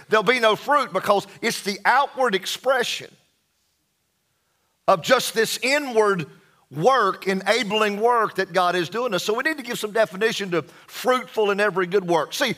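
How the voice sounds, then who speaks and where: A man delivers a sermon in a high, ringing voice. He moves at an unhurried, deliberate pace and leans on scripture, reading each phrase slowly. He often sinks to a hushed, low tone to drive a point home. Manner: slow, emphatic preaching with dramatic drops in pitch and volume. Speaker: pastor.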